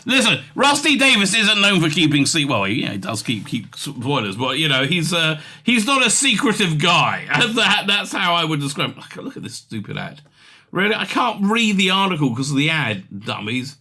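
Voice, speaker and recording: A male commentator rants through the news, reading articles aloud and stumbling over their wording with open scorn. His pitch sits a touch high and swings widely. His tone is sharp and bright. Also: huge pitch swings, moderate pace. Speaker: commentary channel host.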